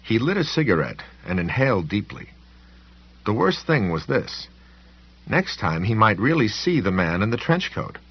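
A man reads an audiobook in a very deep, husky voice. His delivery is lively and full of dramatic ups and downs. The recording sounds a little dull and muffled. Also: normal speed. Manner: expressive, dramatic reading. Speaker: narrator. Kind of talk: audiobook narration.

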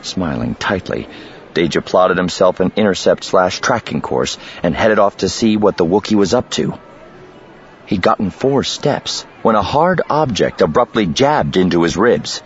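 A man reading an audiobook as the narrator, with an expressive, dramatic delivery, in a dull lo-fi recording. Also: sits low, moderate pace, a little hiss or hum. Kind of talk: scripted narration.

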